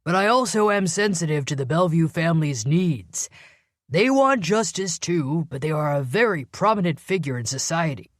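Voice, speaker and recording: A woman narrator voicing a gruff, irritable older male police commander in an audiobook, speaking curtly and defensively. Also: sits low, animated, moderate pace, no room sound, clean studio sound. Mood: grudging. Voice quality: gruff, growling. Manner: defensive, curt, raises voice. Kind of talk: audiobook character voice.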